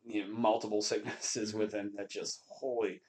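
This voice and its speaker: A man's voice: on the low side, level tone, normal speed, a little mellow. A man hosting a casual podcast in a basement, rambling with lots of fillers and restarts. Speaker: podcast host. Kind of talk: casual chat. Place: basement studio.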